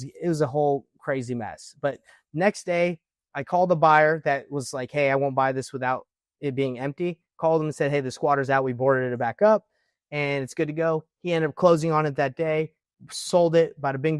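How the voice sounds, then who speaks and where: A man's voice: a little high, brisk, smooth, dry recording, clean studio sound. A man, a real estate investor, casually telling a story to camera and acting out the dialogue with lots of "like". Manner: lively retelling with quoted dialogue, frequent "like".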